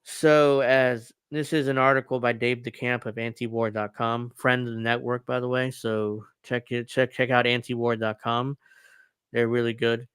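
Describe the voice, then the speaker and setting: Man, podcast host, smooth clear voice, dry close sound, reads headlines then mocks them. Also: medium pitch, flat delivery, moderate pace, fairly bright tone, no echo. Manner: reads news articles aloud, then riffs sarcastically. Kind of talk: casual political commentary.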